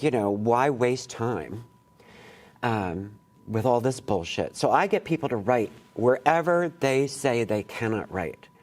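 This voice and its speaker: A man leading a college poetry workshop, talking casually and candidly to students, with rambling asides and casual swearing. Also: mid-range voice. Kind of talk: casual, digressive workshop talk. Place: college classroom.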